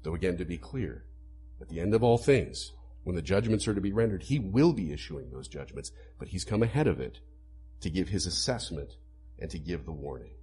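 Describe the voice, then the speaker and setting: A man preaching a sermon to a congregation, animated, acting out quoted lines as he explains. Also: low voice, fairly quick. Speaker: pastor.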